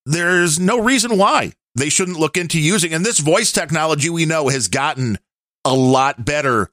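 A man's voice: fairly high pitch, expressive, normal speed, fairly bright tone, dry recording. Chatty middle-aged man, dry sound. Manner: chatty, rambling, laughs easily. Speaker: podcast co-host. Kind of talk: casual chat.

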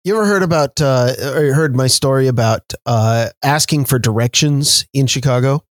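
A man's voice: mid-range voice, normal speed, no room sound. A man co-hosting a podcast, chatting casually and telling a story with many restarts and laughs.

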